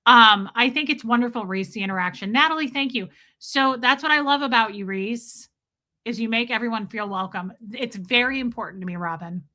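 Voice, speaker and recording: Woman, livestream host, bright crisp voice, a bit high, lively self-mocking storytelling. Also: brisk. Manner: animated storytelling, self-mocking, greets chatters by name. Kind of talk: casual livestream chat reading viewer comments.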